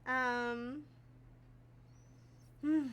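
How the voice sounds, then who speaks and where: A woman's voice: high voice, steady tone, drawn-out words, fairly bright tone, clear, resonant tone, dull audio. A woman streaming from a tiny room at home, chatting casually while she crafts, giggly and full of thanks. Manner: chatty, giggly and effusively grateful.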